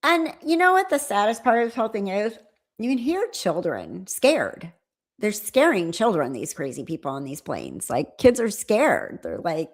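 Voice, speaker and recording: A woman's voice: on the low side, a bit bright. A middle-aged woman, a former flight attendant, giving casual live-stream reaction commentary with chatty, amused asides.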